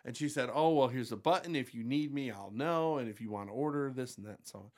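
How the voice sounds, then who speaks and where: A man's voice: medium pitch, quick pace, darkish tone. A man in casual chat, outgoing and wry, telling a story about a night out.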